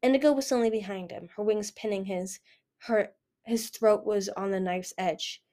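Female amateur audiobook narrator, steady read-aloud, self-corrects often. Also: mid-range voice, moderate pace. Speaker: audiobook reader.

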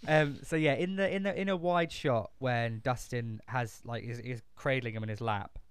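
A man rambling in casual conversation, cursing freely and restarting his sentences. His voice is smooth and resonant. The sound is dry and close. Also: medium pitch, normal speed, dry recording. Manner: rambling and profane, with many fillers and restarts. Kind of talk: casual chat.

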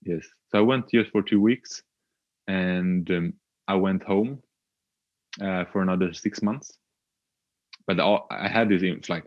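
A young man with a very low, deep voice tells his story slowly and haltingly, pausing often. The sound is dry and close, but the recording is dull and lo-fi. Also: fairly even intonation, no room sound. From Sweden. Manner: hesitant, halting, with frequent filler sounds. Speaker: podcast guest. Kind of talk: reflective personal storytelling.

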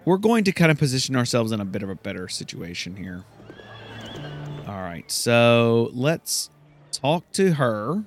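A man casually narrating a fantasy game he is playing, excitable and swearing at setbacks. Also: medium pitch, unhurried, faint music behind. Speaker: gamer. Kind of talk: let's play commentary.

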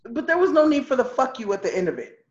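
A man's voice: very high voice, big pitch swings, rapid-fire, reverberant, lo-fi sound. A man in a casual group chat, joking and musing.

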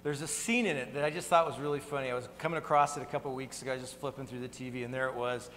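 A man's voice: medium pitch, fairly even intonation, rapid-fire, a bit bright. A man preaching a sermon as pastor in an earnest, conversational way, in a church sanctuary. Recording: long hall reverb.

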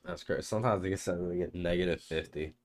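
A man's voice: low-pitched, quick pace. A young man co-hosting a podcast, telling laid-back, profane stories and mimicking his family's voices in casual chat. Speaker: podcast co-host.

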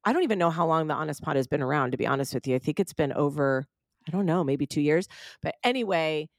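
A woman's voice: low-pitched, animated, fast talker, dry recording, studio quality. A young adult woman hosting a podcast, chatting casually with her guest, laughing often and talking straight to her listeners. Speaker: podcast host. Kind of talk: casual chat.

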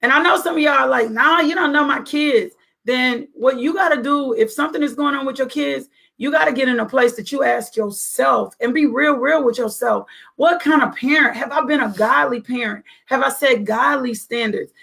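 A middle-aged woman with a fairly high voice and a gravelly edge talks through faith-based parenting. She is earnest and a little preachy. She keeps asking rhetorical questions. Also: moderate pace, hardly any pauses, a bit bright.

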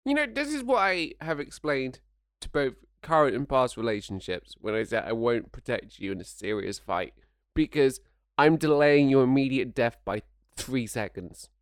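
A man's voice: mid-range voice, lively intonation, normal speed, dry recording. A man co-hosting a podcast in casual chat, dropping dry, wry quips. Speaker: podcast co-host.

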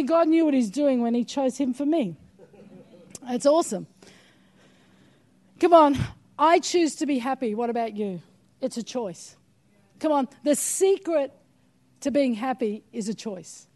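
A woman's voice: high voice, warm tone. An older woman preaching a sermon, emphatic and urging her listeners on with repeated calls of "come on.".

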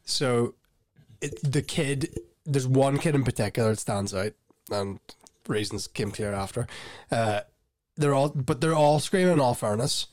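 A man's voice: mid-range voice, measured pace, a little mellow, dry recording. A young man, rambling and laughing as he tells a story on a casual podcast. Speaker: podcast co-host. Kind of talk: casual chat.

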